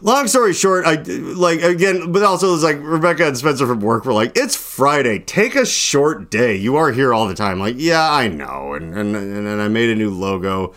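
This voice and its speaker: A man's voice: mid-range voice, animated, normal speed, hardly any pauses, a bit bright. A young adult man hosting a casual podcast, rambling through a long story, full of "like" and acting out both sides of his phone calls. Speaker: podcast host. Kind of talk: casual late-night storytelling chat.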